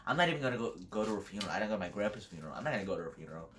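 A man's voice: lowish voice, expressive, very fast, fairly bright tone, a little hiss or hum. Blunt young man rambling on a podcast. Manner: blunt, rambling, crude and flippant, laughs often. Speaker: podcast host. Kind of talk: casual solo podcast monologue.

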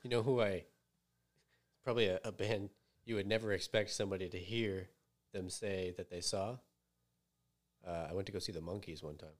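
A man guesting on a casual comedy podcast, chatting in a relaxed, easygoing way. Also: sits low, moderate pace.

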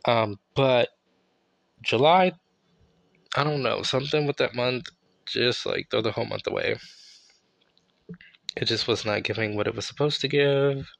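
A man hosting a casual solo podcast with a raspy voice, sounding tired and a bit under the weather, talking in a laid-back, rambling way and correcting himself as he goes. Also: mid-range voice, moderate pace, fairly bright tone, no echo. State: tired, not feeling well. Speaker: podcast host.

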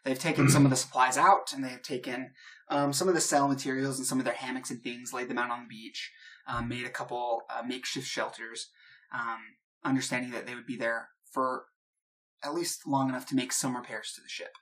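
A man's voice: mid-range voice, little pitch movement, a little fast, a bit bright. A man narrating a tabletop game as game master, describing scenes loosely with many fillers.

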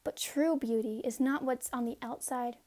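A woman's voice: on the high side, steady tone, normal speed, mellow. A woman giving a casual devotional talk. She reads scripture passages aloud in an earnest way and breaks off for informal asides to her listeners. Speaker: devotional speaker.

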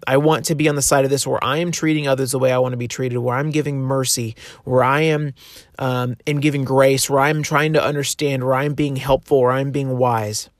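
A man's voice: mid-range voice, no echo, studio quality. Earnest man giving a casual devotional. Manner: conversational, filler-heavy, earnest.

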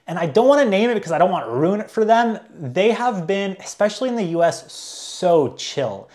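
A man's voice: sits high, very animated, normal speed, a little mellow. A young man, a travel vlogger, telling a story casually, full of filler likes and restarts.

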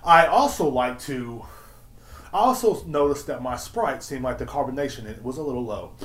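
A man playing a pompous man who writes a fussy fast-food review, with mock-formal complaints. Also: medium pitch, expressive, fairly bright tone, reverberant, natural voice. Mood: mock-prim.

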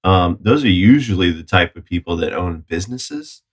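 Man, very deep voice, calm explaining, casual political chat. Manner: measured, explaining, with fillers. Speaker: podcast co-host.

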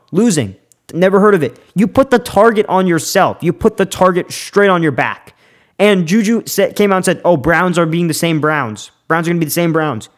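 A young man with a slightly higher-than-average voice delivers a heated, opinionated football rant. He talks fast and loose, repeating himself and restarting his sentences as he gets worked up. The delivery is casual podcast talk, not scripted. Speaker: sports podcast host.

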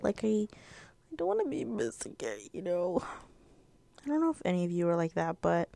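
A woman's voice: on the low side, sing-song, fairly quick, creaky, mellow, no echo. A teenage girl hosting her own podcast, talking in a rambling, filler-heavy way and sounding a little out of breath. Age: teens. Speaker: podcast host. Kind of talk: casual solo podcast chat.

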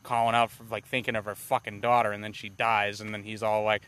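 A man co-hosting a casual movie review podcast, talking in a rambling, animated way with plenty of swearing. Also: lowish voice, quick pace, hardly any pauses, clear, resonant tone, dry recording. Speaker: podcast co-host.

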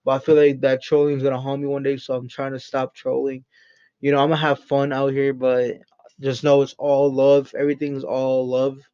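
A man's voice: mid-range voice, monotone, brisk, mellow, clean tone. A man hosting his first podcast, talking loosely and off the cuff, rambling with lots of swearing and jokes. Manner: rambling, profane and joking. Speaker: podcast host. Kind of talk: unscripted solo podcast chat. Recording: dull lo-fi recording.

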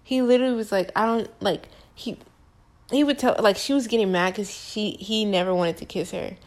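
Speaking a little fast, a young woman vlogger in her twenties spins a personal story to camera in casual slang. She stresses key words with animated emphasis, her pitch right in the middle of the typical female range.

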